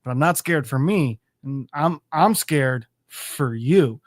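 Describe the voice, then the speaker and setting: A man doing a gentle, soft-spoken ex-soldier. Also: mid-range voice, lively intonation, takes it slowly, no room sound, clean studio sound. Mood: calm. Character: calm, polite grown man, gentle ex-soldier.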